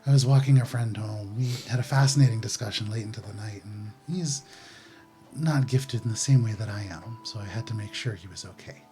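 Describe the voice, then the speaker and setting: A man voicing a sleepy, gentle half-elf woman cleric who speaks softly and politely. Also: fairly low pitch, a little fast, faint music behind, lightly acted.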